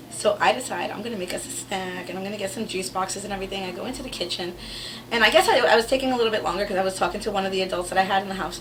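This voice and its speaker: A woman's voice: medium pitch, very fast, distant mic, background noise. A woman telling stories about her kids to camera in a casual, wry way, swearing freely. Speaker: vlogger telling family stories.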